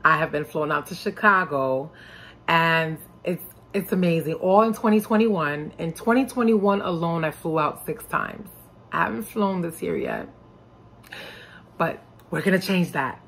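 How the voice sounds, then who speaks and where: A young woman from New York, a singer and rapper, chatting in a lively, upbeat way about her music. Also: on the low side, measured pace, creaky. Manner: lively and upbeat, animated when excited. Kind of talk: casual interview talk.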